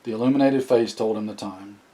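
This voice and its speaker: A man narrating an audiobook in a plain, steady reading with occasional restarts. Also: on the low side, brisk, rough recording. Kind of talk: scripted narration.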